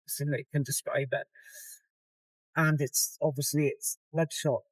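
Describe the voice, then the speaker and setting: A middle-aged woman chats casually to her phone camera, rambling and open, sometimes dropping soft and tired. Her voice sits close and dry, with no room sound around it. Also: sits low, level tone, normal speed, no echo, poor audio. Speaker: competitor vlogging her contest prep. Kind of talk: casual vlog chat. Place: in a car.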